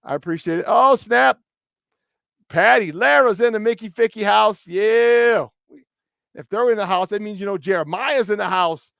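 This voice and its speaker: A man hosting a morning sports talk show from a studio, hyped and playful as he shouts out listeners in the chat. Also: sits high, normal speed, creaky, no room sound. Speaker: sports talk radio host.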